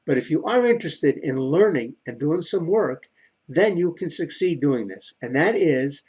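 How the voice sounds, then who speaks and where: Husky man coaching with rhetorical questions. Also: fairly high pitch, darkish tone. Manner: emphatic, asks rhetorical questions and answers them. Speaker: online marketing coach. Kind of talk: instructional talk to camera.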